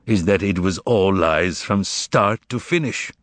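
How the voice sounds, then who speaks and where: A man's voice: low-pitched, measured pace, no room sound. A man voicing a stern, dry, imperious male devil in an audiobook. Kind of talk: audiobook character voice.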